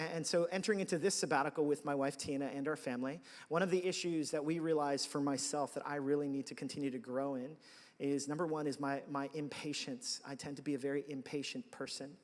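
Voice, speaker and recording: A man's voice: a little high, long reverb tail. A man preaching a sermon as pastor, telling stories conversationally with self-deprecating asides. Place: large church hall.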